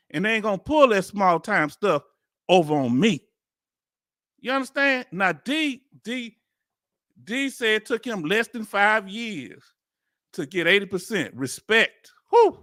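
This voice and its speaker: A Southern-accented man hosts a reaction video about a hearing, speaking in casual slang, sounding incredulous, and laughing often. His voice sits high with a bright, forceful tone, captured in clean, dry studio sound.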